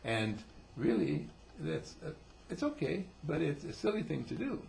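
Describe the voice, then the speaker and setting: A man's voice: a little high, a little slow, vocal fry, a little hiss or hum. A man giving an informal talk on behaviour, acting out quotes in different voices. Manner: animated, acts out quotes in voices.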